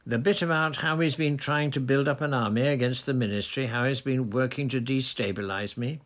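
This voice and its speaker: A man voicing a pompous, blustering male minister who is excitable and triumphant. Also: mid-range voice, brisk, pitched above the performer's own voice, lightly acted. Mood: gleeful.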